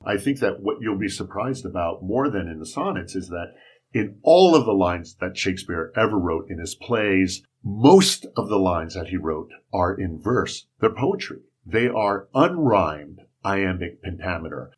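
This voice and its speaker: A man's voice: sits low, lively intonation, measured pace, husky. A man guest on a library podcast, patiently explaining poetry in a conversational interview. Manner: patient explaining, spells out rhythm. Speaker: Shakespeare instructor, guest. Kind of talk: casual interview talk.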